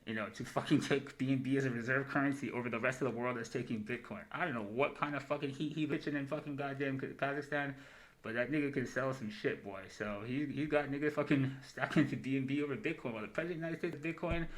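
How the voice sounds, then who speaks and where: A man's voice: medium pitch, fairly bright tone, rough recording. A man hosting a livestream, talking through market charts in a loose, profane way and tagging "right?" onto his points. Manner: fast, profane, wandering talk full of "right?". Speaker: livestream host running a crypto trading show. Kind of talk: casual livestream chart commentary.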